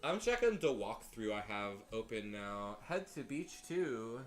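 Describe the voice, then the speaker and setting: A man's voice: mid-range voice, sing-song, unhurried. A young man casually commentating a game on stream, chatty and rambling, laughing at himself as he goes. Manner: rambling, chatty, self-deprecating with frequent laughs. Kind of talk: casual let's-play commentary. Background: faint game music.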